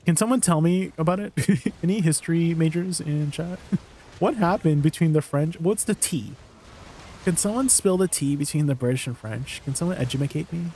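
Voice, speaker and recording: Man, livestreamer, rambling casual chat, laughs a lot, voice a touch high. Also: normal speed, mellow, slight background noise. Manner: rambling, chatty, laughs often. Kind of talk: casual stream chat with viewers.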